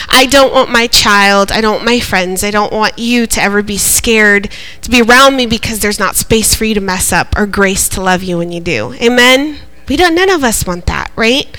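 A woman preaches a sermon, her voice bright and sitting a little high. She is animated and laughs often. She keeps asking the congregation to answer her back. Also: poor audio. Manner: animated, laughing often, calls for audience responses.

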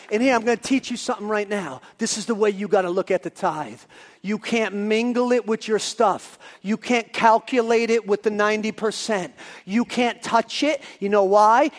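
A man preaching a sermon as pastor, moving from quiet asides to shouting. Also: high voice, moderate pace, in a large hall. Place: church.

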